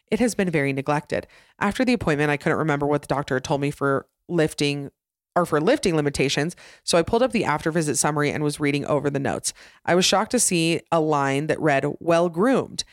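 A woman's voice: sits low, no echo, clean studio sound. A woman in her thirties with a Utah accent, hosting a solo podcast in a chatty, giggly, self-deprecating way. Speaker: podcast host. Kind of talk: casual solo podcast chat.

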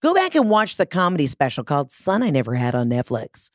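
A woman's voice: sits low, huge pitch swings, brisk, dry recording, studio quality. Brash, profane woman podcaster. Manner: brash, profane, rambling and self-deprecating. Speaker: podcast host. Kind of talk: casual comedic monologue. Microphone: studio mic with large headphones.

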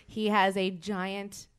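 A woman's voice: medium pitch, clear, resonant tone. Giggly young woman telling a story. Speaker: podcast host. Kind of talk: casual chat.

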